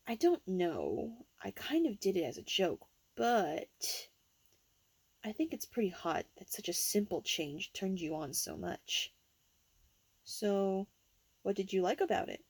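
A young woman in a whispered role-play, talking in a teasing, intimate, breathy way. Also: medium pitch, sing-song, takes it slowly, no echo.

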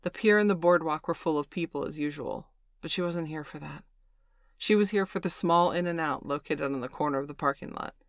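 Low-voiced woman reading an audiobook. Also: brisk, dry recording, studio quality. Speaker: narrator. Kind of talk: scripted audiobook narration.

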